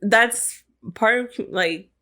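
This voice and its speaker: A woman's voice: a little high, very slow, pushed and bright. A young woman guesting on a podcast, telling candid stories in casual chat with frequent laughter.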